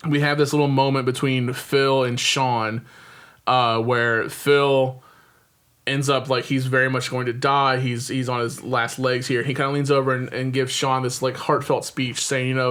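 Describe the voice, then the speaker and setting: A man's smooth, fairly bright voice stays level at a normal speed and medium pitch. Hosting a podcast, he casually recounts a film's plot in a wandering way, often pausing on "um" and chuckling.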